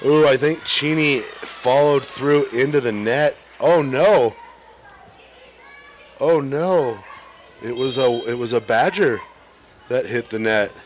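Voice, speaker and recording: An excitable man doing live play-by-play for a high school volleyball match. He chats casually with his partner and breaks into quick exclamations as the rallies swing. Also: a little hiss or hum. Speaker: play-by-play announcer.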